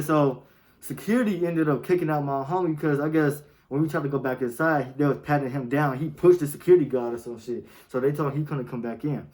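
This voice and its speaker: A man's voice: on the high side, darkish tone, rough recording. A young man, telling a story in casual, slang-heavy talk and often asking "you feel me.". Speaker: storytime vlogger.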